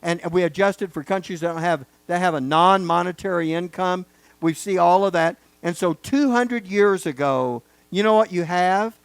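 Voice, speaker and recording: Emphatic high-voiced male Bible teacher. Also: moderate pace, creaky, clear, resonant tone, no echo. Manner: emphatic, building to loud stresses on key words.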